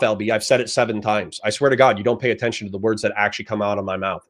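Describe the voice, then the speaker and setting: A man's voice: mid-range voice, fairly even intonation, quick pace, few pauses. A young adult man streaming political commentary, reading chat messages and lecturing his audience in a heated, profane rant.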